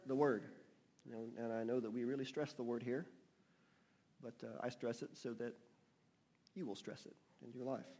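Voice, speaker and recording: Husky, mellow-voiced male preacher. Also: mid-range voice, fairly even intonation. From United States. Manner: reads scripture slowly and emphatically, asks the congregation questions. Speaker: pastor. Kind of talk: sermon. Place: church.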